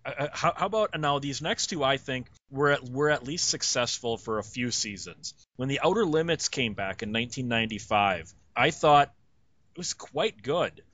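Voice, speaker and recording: A man's voice: mid-range voice, animated, moderate pace, fairly bright tone, dry recording, muffled recording. A middle-aged man co-hosting a casual chat, blunt and opinionated about old TV shows.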